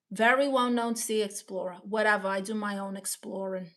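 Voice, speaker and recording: A woman's voice: mid-range voice, normal speed, hardly any pauses, pushed and bright. A woman in a casual live stream, playfully reading viewer comments aloud and riffing on them.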